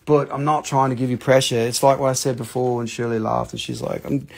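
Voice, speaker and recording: An American man hosting a live sales stream, talking in an excitable, rambling way with casual swearing. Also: mid-range voice, a little fast, vocal fry. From United States.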